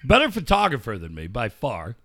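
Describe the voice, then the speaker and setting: A man in casual chat, telling a profane, animated story to a friend. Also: mid-range voice, fairly quick. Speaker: podcast co-host telling a story.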